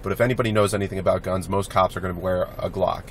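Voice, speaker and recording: Young adult male vlogger, low voice, blunt and rambling, casual swearing, faint background noise. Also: fairly even intonation, very fast. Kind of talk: casual vlog monologue.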